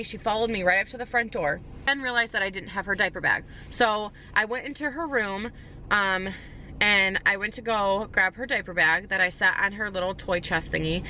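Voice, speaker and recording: A woman's voice: on the high side, pushed and bright, slight background noise. A young woman vlogger retelling a frightening night, shaken and anxious, rambling with many restarts and fillers. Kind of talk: storytime vlog.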